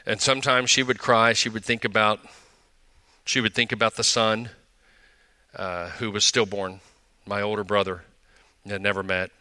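Bright-voiced older man preaching. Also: fairly low pitch, flat delivery, moderate pace, pauses often, clear, resonant tone, no room sound. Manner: conversational preaching with repeated restarts and asides. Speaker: pastor. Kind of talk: sermon.

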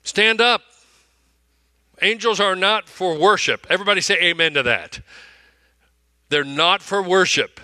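A man preaching a sermon in a very bright, ringing voice pitched a little high. He repeats his phrases for emphasis and drops from loud declarations to hushed, close asides. The sound is dry, with no room echo. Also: moderate pace. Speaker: pastor.

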